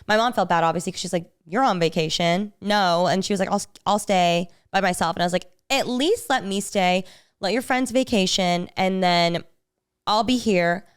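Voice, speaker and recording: A young woman co-hosting a podcast, chatting casually and acting out quotes as she tells a story. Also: medium pitch. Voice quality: smooth, animated storytelling with acted-out quotes. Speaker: podcast co-host. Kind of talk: casual chat.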